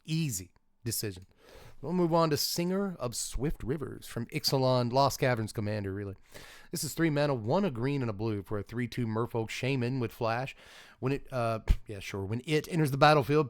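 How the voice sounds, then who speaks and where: A man's voice: mid-range voice, no echo, studio quality. A man reviewing trading cards in a chatty, self-amused way, laughing often as he talks. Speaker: Magic card reviewer. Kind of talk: casual card review commentary.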